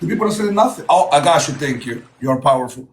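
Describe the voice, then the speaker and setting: A man's voice: on the high side, lively intonation, fast talker, a little hiss or hum. A man hosting a livestream battle, gushing with compliments in broken English and slipping into Spanish phrases. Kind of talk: casual livestream chat.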